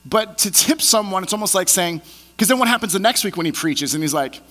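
A pastor delivering a conversational sermon, telling stories and acting out the people in them. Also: male voice, high-pitched, a little fast. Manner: animated storyteller acting out scenes. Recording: long hall reverb.

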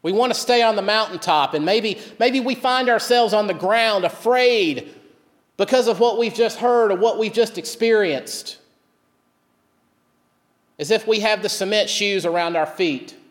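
A man with a rather high voice delivers a sermon, retelling the story and going hushed and low whenever he quotes. His words ring out with the long reverb of a church hall. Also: measured pace. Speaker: pastor.

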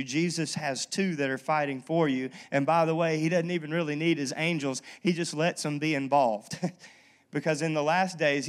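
A man preaching a sermon as pastor, talking in a casual, lively storytelling way and checking in with the congregation. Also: a little high. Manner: conversational, lively storytelling with frequent "okay?" asides. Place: church.

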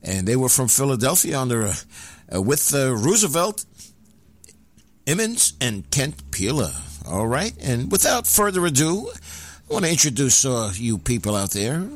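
A man hosting a radio show, announcing songs and plugs in a rambling, casual way full of filler pauses. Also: mid-range voice, very animated.

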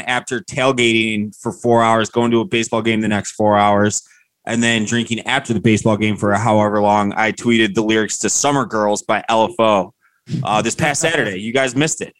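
A man's voice: fairly low pitch, steady tone, normal speed, fairly bright tone, smooth, no room sound. A man cohosting a podcast, chatting casually and laughing often. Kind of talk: casual chat.

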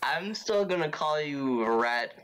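A man's voice: a little high, expressive, slow pace, a loud crowd, poor audio. A man playing in a tabletop game, joking and playful in casual talk. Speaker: player. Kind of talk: casual tabletop role-play.

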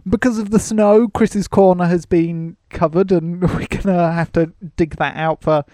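A man's voice: high-pitched, steady tone, measured pace, warm tone, dry recording, studio quality. A man hosting a casual podcast about films, rambling with frequent laughs and restarts. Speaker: podcast host. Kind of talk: casual film-review chat.

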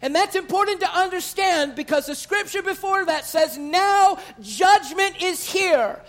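A man delivers a sermon in a church sanctuary. His voice sits very high, and he stretches the key phrases as his preaching builds in intensity. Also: unhurried, fairly bright tone. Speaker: pastor.

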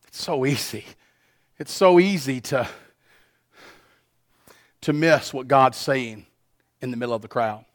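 A man preaching a sermon as pastor, earnest, swinging between soft passages and loud ones. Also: on the high side.

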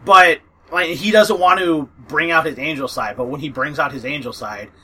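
A man's voice: on the high side, normal speed, bright, forceful tone, husky, low-quality recording. A man chatting casually about fantasy audiobooks, rambling with fillers, swearing and laughing often. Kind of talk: casual book recommendation chat.

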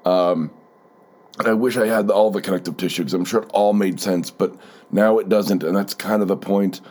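A man's voice: low voice, steady tone, moderate pace, darkish tone. Rambling, sardonic male podcast host. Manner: rambling, profane, sardonic storytelling with many fillers. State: stuffy, keeps blowing his nose. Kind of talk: solo podcast monologue.

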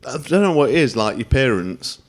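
A man's voice: medium pitch, big pitch swings, a little fast, a little hiss or hum. A man co-hosting a podcast who tells family anecdotes in a blunt, jokey way. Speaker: podcast co-host. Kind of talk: casual anecdote telling.

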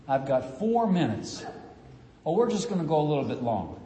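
A man preaching with lively, dramatic emphasis, his voice sitting high for a man. He teaches scripture to a gathering in a large church hall. Long reverb rings around every phrase. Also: moderate pace. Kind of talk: Bible teaching at a church event.

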